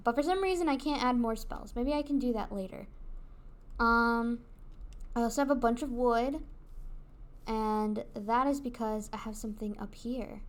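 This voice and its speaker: A woman streaming a video game, chatting casually with her viewers in a giggly, rambling way. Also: on the high side. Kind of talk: casual gaming livestream chat.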